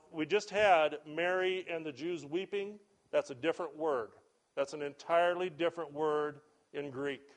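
A male pastor delivering a sermon, reading scripture aloud in a measured, deliberate way. His voice sits a little on the high side. He leans hard on key words and then steps out of the text for plain, conversational asides.

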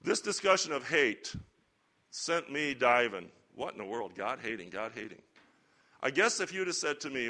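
A man teaching a Bible lesson to a church group in a relaxed, conversational sermon style with chatty asides. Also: medium pitch. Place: church or lecture hall with slides.

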